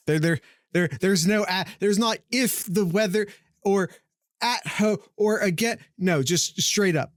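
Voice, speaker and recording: This high-pitched podcast co-host talks slowly but with lively intonation, trading jokes and jabs with his partner and leaning heavily on betting stats during a laid-back sports picks chat. The studio-quality audio has no room sound.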